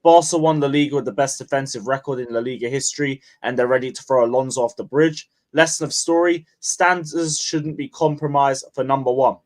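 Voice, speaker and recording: A man's voice: mid-range voice, brisk, hardly any pauses. A man co-hosting a football panel, placating others and reading out viewer comments.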